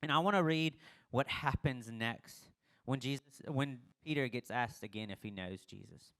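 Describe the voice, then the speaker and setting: A man's voice: medium pitch, normal speed, a bit bright. A young man preaches in a casual, conversational style. He retells the scripture like a story and acts out the dialogue of the people in it. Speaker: pastor. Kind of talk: casual sermon.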